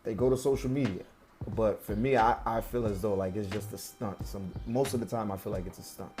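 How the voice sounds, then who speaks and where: A man co-hosting a podcast in relaxed casual chat, often chiming in with short agreement. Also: lowish voice, a little fast, soft background music. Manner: laid-back, agreeable, drops short affirmations. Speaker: podcast co-host.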